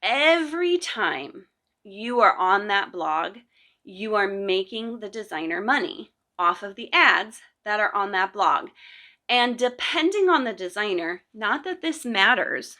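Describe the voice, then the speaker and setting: Woman podcast host and crochet teacher: unhurried, bright-toned, sincere, conversational advice. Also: mid-range voice, sing-song. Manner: earnest, advice-giving, with frequent fillers and restarts. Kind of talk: casual podcast monologue.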